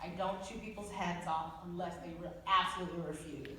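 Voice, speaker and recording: A woman in her thirties on a book tour, telling stories casually to a live audience, laughing often and jumping up in pitch when exasperated. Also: fairly even intonation, fairly quick, sharp tone. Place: event hall with an audience. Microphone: audience camera recording from afar. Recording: echoey hall recorded from far off with crowd noise.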